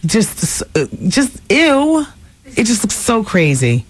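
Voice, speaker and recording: A woman hosting a talk radio show, chatting through celebrity gossip in a lively way with asides to listeners. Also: on the high side, slow pace. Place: radio studio.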